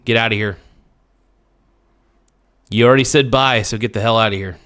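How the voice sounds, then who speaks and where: A man's voice: lowish voice, normal speed, fairly bright tone. A young man hosting a livestream, ranting bluntly and profanely to his chat with frequent restarts. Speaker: livestream host. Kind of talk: casual livestream rant.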